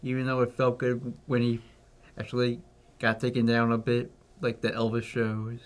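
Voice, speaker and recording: A man's voice: mid-range voice, monotone, moderate pace. A man co-hosting a film review podcast, chatting casually with short, laid-back replies. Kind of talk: casual movie review chat.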